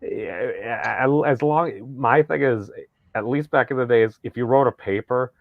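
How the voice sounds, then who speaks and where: A man's voice: mid-range voice, unhurried, vocal fry, dry recording. An American man hosting a casual podcast chat, rambling with restarts and wry asides. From United States. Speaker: podcast host. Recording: dull, dry sound.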